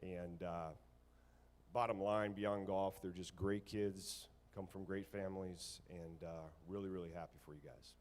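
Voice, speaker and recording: A man's voice: deep voice, fairly even intonation, unhurried, darkish tone. A man, a golf coach, speaking at a ceremony, often repeating words and using many fillers. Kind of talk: ceremony speech.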